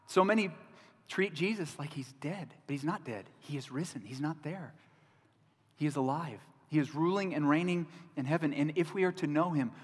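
A man's voice: on the high side, slightly rough. A middle-aged man preaching a sermon as pastor, earnest and repeating key lines for emphasis. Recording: long reverb of a large hall.

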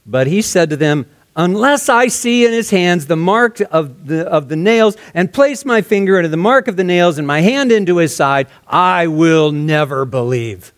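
A man preaching a verse-by-verse sermon in a conversational way, dropping to soft, hushed tones for emphasis. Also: high-pitched, lively intonation, normal speed, hardly any pauses. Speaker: pastor. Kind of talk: expository sermon.

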